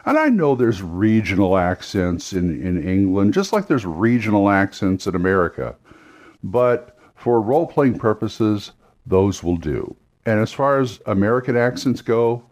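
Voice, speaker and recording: Guy with a lowish voice, game master type, chatting loosely about accents and impressions, lots of restarts. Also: a little mellow. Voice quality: rambling, with restarts and quick demos of impressions and accents. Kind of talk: casual spoken advice on voice acting for role-playing.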